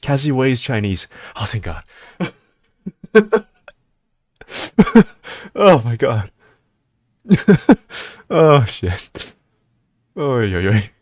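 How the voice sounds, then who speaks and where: A male streamer chatting casually on a live stream, rambling and excitable, with frequent restarts. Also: drawn-out words, long pauses, dry recording, studio quality. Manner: excitable, rambling, breaks into laughter and high-pitched disbelief.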